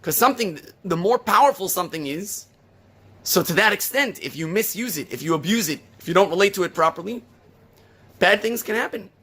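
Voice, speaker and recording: A male rabbi preaching a sermon, firing off rhetorical questions and retelling a story with lively emphasis. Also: high voice, a little fast, slightly rough.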